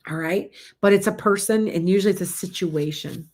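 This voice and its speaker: A woman's voice: medium pitch, a little fast, darkish tone. A middle-aged woman doing a live-streamed tarot reading, chatting casually and calling out viewers by name. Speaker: psychic tarot reader.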